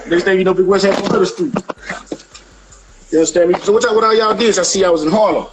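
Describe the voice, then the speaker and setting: Fast-talking high-voiced man, rambling. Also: fairly even intonation, poor audio. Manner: rambling, repeats "you hear me". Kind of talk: casual banter.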